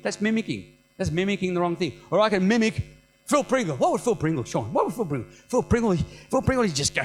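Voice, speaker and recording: A middle-aged man preaching a sermon as senior pastor, animated and conversational, with humorous self-mocking asides. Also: high-pitched, fairly quick, faint music behind, rough recording.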